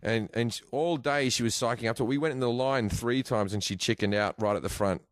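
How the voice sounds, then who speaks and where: A man with an Australian accent, a comedian telling crude, animated stories in a casual podcast chat. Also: medium pitch, a little fast, no room sound. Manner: animated, crude jokey storytelling. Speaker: guest comedian.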